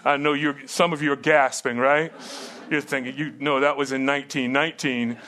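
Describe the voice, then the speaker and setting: A man's voice: mid-range voice, steady tone, normal speed, background noise. A middle-aged man preaching a sermon and teaching at a seminary, earnest and emphatic with rhetorical questions.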